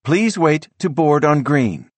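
A man's voice: fairly high pitch, very animated, slow, no room sound, pitched above the performer's own voice, exaggerated voice. A man voicing an urgent computerized female train announcer, with clipped automated countdowns and instructions.

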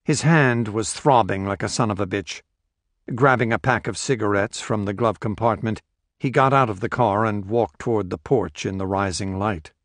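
A man's voice: on the low side, no room sound. Man narrating a story, dry close sound. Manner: steady, measured storytelling. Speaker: audiobook narrator. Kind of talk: scripted narration.

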